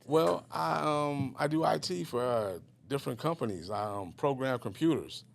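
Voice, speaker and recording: A man's voice: medium pitch, animated, moderate pace, vocal fry. A middle-aged man from Richmond, California, a guest telling his life story in a rambling, casual way with many fillers and restarts.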